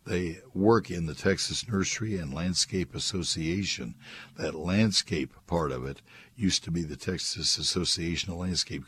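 Low husky older man hosting radio. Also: fairly bright tone. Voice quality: squeaky voice, as he says. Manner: folksy, chatty, leans on repetition. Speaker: radio gardening show host. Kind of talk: radio call-in talk and live ad reads. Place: radio studio.

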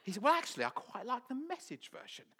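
Animated, high-voiced male preacher. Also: quick pace, a little hiss or hum. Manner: animated storytelling, acting out quoted voices. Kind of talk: sermon.

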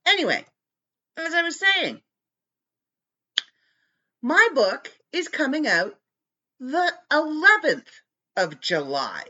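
A woman hosts her podcast in loose, casual chat, her bright voice swinging up and down in pitch as she talks at an unhurried pace. She bickers playfully with someone off-mic, all through a dull, lo-fi home mic. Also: very animated. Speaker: podcast host.

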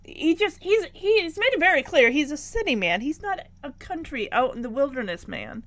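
A woman retells sitcom scenes in a loose, chatty way, slipping into the characters' lines as she goes. Her voice sits a little high for a woman. The sound is dry and close, with no room echo. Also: very animated, moderate pace, hardly any pauses, fairly bright tone. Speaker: podcast host recapping a sitcom. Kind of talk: casual recap chat.

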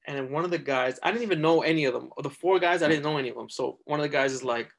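A man's voice: fairly high pitch, fast talker, gravelly. A man, a podcast guest telling a story casually, rambling and leaning heavily on filler words. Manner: rambling, heavy use of "like", lively retelling.

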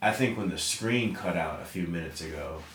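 A man's voice: low-pitched, normal speed, a bit bright, a little hiss or hum. A man, a podcast guest in casual chat over drinks, telling stories in a brash way and swearing freely.

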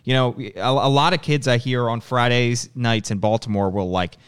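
A man's voice: medium pitch, fairly even intonation, moderate pace, clean tone. A man in his twenties co-hosting a sports podcast, talking in a loose, rambling way and laughing at himself. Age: 20s. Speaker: podcast co-host. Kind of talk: casual sports podcast chat.

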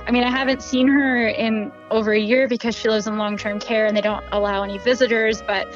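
A woman's voice: fairly high pitch, flat delivery, fairly quick, music in the background. A young woman, chatting casually as a podcast guest and laughing often. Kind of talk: casual chat. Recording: dull, dry lo-fi sound.

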